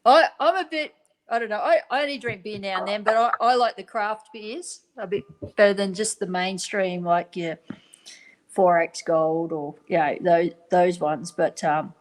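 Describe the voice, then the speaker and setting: A woman from Australia in a casual chat, relaxed and hesitant, with many fillers. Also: mid-range voice, normal speed, rough recording.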